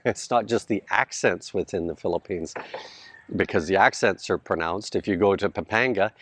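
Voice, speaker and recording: Chatty low-voiced Canadian man vlogging. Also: moderate pace, dry recording. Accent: Canadian English. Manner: chatty, laughs often, talks straight to viewers. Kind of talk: casual vlog talk to camera. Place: outdoors at a house build site in the Philippines.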